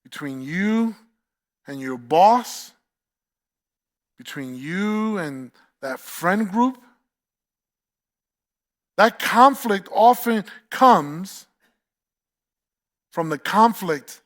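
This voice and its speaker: A man's voice: high voice, expressive, drawn-out words, long pauses. A man with a New York accent preaching a sermon as pastor, emphatic, repeating key phrases and asking the congregation questions.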